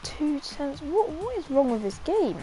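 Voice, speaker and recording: A woman's voice: high-pitched, sing-song, unhurried, mellow, faint music behind, low-quality recording. A young woman giving casual, exasperated, self-mocking commentary while playing a racing game. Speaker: gamer.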